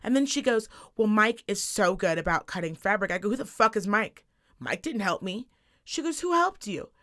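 A woman in her thirties co-hosting a casual podcast, telling a story in an animated, profane rant. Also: medium pitch, normal speed. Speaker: podcast co-host. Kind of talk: casual chat.

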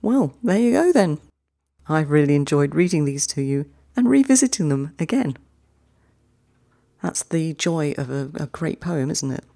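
Poetry podcast host: slow, measured reader with a mellow tone and a dry, close sound, each poem read twice. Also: mid-range voice, very animated, gravelly, no room sound. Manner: reads each short poem twice with long pauses; chatty, quicker sign-off.

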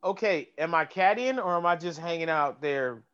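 A man, a golf caddy and comedian, telling stories in a casual chat, animated and swearing, acting out voices. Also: a little high, moderate pace, clear, resonant tone, dull audio. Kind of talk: casual podcast storytelling.

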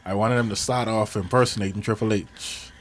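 A man's voice: on the low side, steady tone, fairly quick, noisy background. A young man co-hosting a casual podcast, playful and easily sidetracked. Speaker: podcast co-host. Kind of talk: casual chat.

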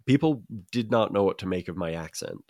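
A man's voice: low voice, lively intonation, a little fast, vocal fry, darkish tone, no echo. A man who grew up in Utah, co-hosting a casual chat show, rambling with repeats and dry jokes. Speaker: podcast co-host.

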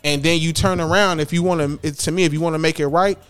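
A man's voice: on the high side, steady tone, quick pace, fairly bright tone, clean tone, no room sound, faint music behind. A man talking casually as a parent, rambling and restarting his sentences often. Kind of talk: casual chat.

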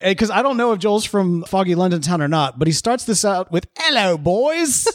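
A man hosting a podcast, talking in a casual, animated way with lots of fillers. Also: high voice, a little fast, no echo, studio quality, soft background music. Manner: animated, rambling with many fillers. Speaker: podcast host. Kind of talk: casual chat.

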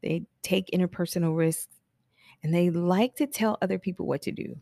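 Chatty woman with a lowish voice. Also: normal speed, creaky, dark tone, no room sound, studio quality. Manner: chatty, laughs often, acts out clients' lines. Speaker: business coach for hairstylists. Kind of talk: casual solo podcast talk.

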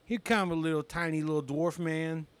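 Speaking fairly quickly in a slightly high voice, a young comedian appears as a podcast guest. He shares stories with lots of energy in a relaxed conversation and keeps laughing while he talks.

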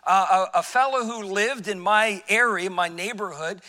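Man, pastor, sermon. Storytelling delivery, acts out quotes, bright high voice. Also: moderate pace, big-room sound. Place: church sanctuary.

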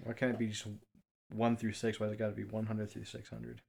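A man playing a game show contestant, muttering flat, deadpan asides at a low volume. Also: a little fast, gravelly.

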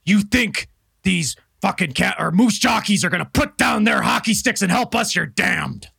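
Man doing a gravelly, hotheaded official Jim. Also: high-pitched, lively intonation, normal speed, pushed and bright, heavily acted. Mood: angry. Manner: barking, profane, bullying. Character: gruff, hotheaded male American official.

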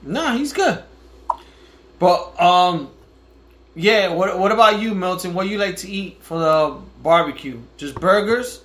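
A man's voice: sits high, animated, unhurried, fairly bright tone. A man co-hosting a podcast, chatting easily and swearing casually. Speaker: podcast co-host. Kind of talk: casual chat.

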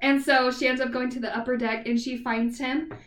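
A woman co-hosting a book podcast retells a plot casually and animatedly, saying "like" a lot. Her voice sits high and moves fairly quickly, recorded from a distance with a roomy echo.

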